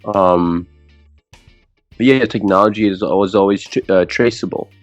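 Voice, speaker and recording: A man's voice: sits low, normal speed, no echo. A young man co-hosting a casual podcast, rambling with many restarts and frequent laughs. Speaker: podcast co-host. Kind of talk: casual chat. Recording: dull lo-fi podcast audio with faint music.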